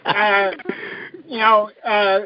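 A man calling in to a chat show, plainspoken and halting with many fillers. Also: sits high, flat delivery, muffled recording, slight background noise. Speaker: caller. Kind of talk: casual call-in chat.

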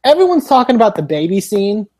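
A man's voice: high-pitched, sing-song, fast talker, darkish tone. A man co-hosting a podcast, recapping with sarcastic, profane remarks in casual chat. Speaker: podcast co-host.

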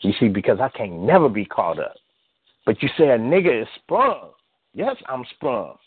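A slightly hoarse man performing spoken-word poetry in a rhythmic delivery that keeps rising into high bursts. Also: sing-song, moderate pace. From US West Coast. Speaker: poet. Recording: tinny phone-like line, dry.

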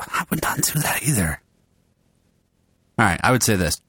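Joking man with lively pitch, dry close mic. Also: moderate pace, long pauses, breathy edge, no echo. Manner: joking, laughs a lot, talks through retakes. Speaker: podcast host. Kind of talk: casual table read with banter.

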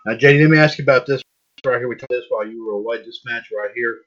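A man hosts a loose wrestling chat, tossing questions to his co-hosts between fillers and restarts. His voice sits in a middling pitch. The audio is a little muffled and lo-fi. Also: a bit bright. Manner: halting, many restarts and fillers. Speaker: podcast host.

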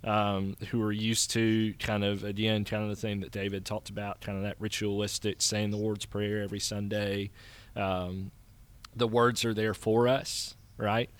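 Enthusiastic host with a smooth low voice. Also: male voice, flat delivery, normal speed. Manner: enthusiastic, fired up, stumbling restarts. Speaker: podcast host. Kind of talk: podcast interview.

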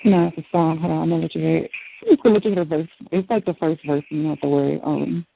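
A woman with a low, gravelly voice talks bluntly over the phone, swearing freely. The tinny line carries clear hiss behind her. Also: fairly even intonation, fast. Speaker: phone chat line caller. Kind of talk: casual chat.

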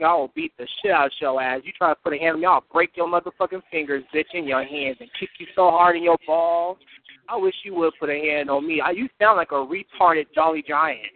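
A man's voice: a little high, gravelly. A man in heated, profane trash talk, boastful and laughing between insults. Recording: tinny phone-like line.

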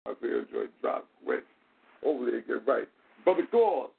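A man hosting a call-in show, animated, laughing and greeting callers by name. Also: mid-range voice, normal speed, gravelly, breathy edge. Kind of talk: casual call-in chat. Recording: phone-like lo-fi call audio.

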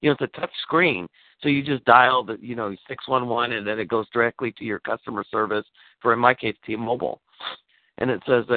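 A man on a call, telling a story in casual chat, animated and swearing, acting out the lines he quotes. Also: mid-range voice, fairly quick, dry recording. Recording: tinny phone line.

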